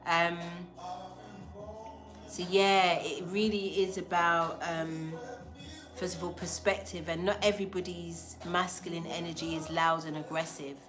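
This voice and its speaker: A woman tells a story in casual slang to her livestream audience and acts out each exchange. Her voice sits fairly low, and faint music plays underneath. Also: unhurried. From England. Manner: animated, slangy, acts out dialogue. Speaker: spiritual livestream host.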